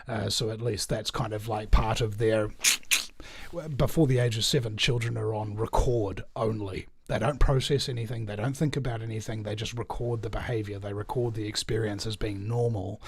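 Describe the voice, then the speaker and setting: A man's voice: fairly low pitch, steady tone, normal speed, slight background noise. A New Zealand man hosting a talk show, chatting loosely with many fillers and restarts. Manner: rambling, lots of uh fillers and restarts. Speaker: show host. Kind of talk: casual chat.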